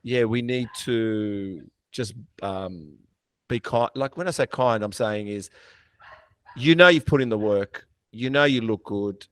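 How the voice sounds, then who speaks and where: A man hosting a podcast in casual chat, blunt, swearing and animated as he tells stories. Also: lowish voice, a little slow, clear, resonant tone, no room sound. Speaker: podcast host.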